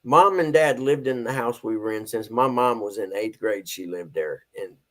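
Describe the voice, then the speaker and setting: A middle-aged man fills in as host of a casual live stream, chatting and greeting viewers by name. He speaks at medium pitch and a moderate pace.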